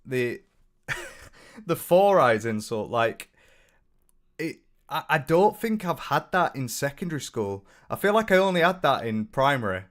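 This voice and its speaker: A young British commentary YouTuber with a mid-range voice, big pitch swings and a measured pace gives casual reaction commentary. He's blunt and sweary, mocks his subject, and reads viewer comments aloud.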